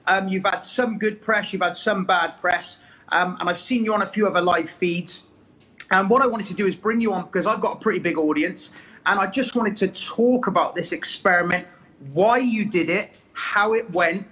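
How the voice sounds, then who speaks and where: A man's voice: sits high, moderate pace, pushed and bright. A man with a West Country accent hosting a live stream as a fitness coach, chatting casually and often checking in with "okay?". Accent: West Country English. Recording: echoey room with faint noise.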